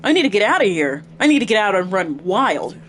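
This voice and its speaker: A woman reading game lines aloud as a hot-headed, foul-mouthed young male gang leader, gruff and swearing. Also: medium pitch, big pitch swings, brisk, fairly bright tone, slight background noise. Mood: angry.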